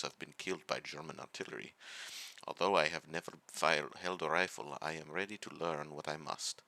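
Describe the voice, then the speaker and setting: A man's voice: a bass voice, vocal fry, pushed and bright, exaggerated voice. A man putting on a Russian accent to read a young Soviet recruit's diary entry. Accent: put-on Russian. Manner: admits accent is poor, reads aloud earnestly.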